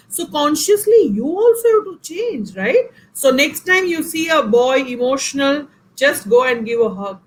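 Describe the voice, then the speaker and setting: Indian lady professor, high voice, earnest and emphatic, talking right to the audience. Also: very animated, moderate pace, few pauses, a little hiss or hum, poor audio. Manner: emphatic, earnest, addresses listeners directly. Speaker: guest speaker, professor. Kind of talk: online talk session answering questions.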